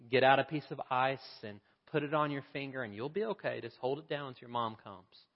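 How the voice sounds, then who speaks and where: A man voicing a kind, gentle woman telephone operator, speaking softly and soothingly. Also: mid-range voice, a little fast, long reverb tail, lo-fi sound, natural voice.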